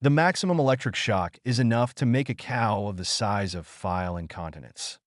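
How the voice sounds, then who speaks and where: A man reading a cold, steady young soldier. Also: lowish voice, normal speed, dry recording, studio quality, natural voice. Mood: cold, calm.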